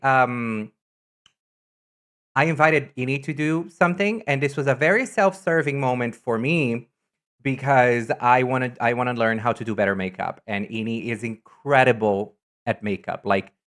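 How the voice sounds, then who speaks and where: A woman streamer in casual live-stream chat, talkative and teasing, answering chat messages with sudden high, loud exclamations. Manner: chatty, reacts to chat messages with loud teasing jumps in pitch.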